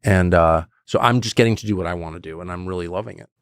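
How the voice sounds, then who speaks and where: A man talks casually as a podcast guest, rambling with restarts and quick chuckles. His voice sits low with a gravelly texture and swings widely in pitch. The sound is close and dry. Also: no room sound. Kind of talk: casual conversation.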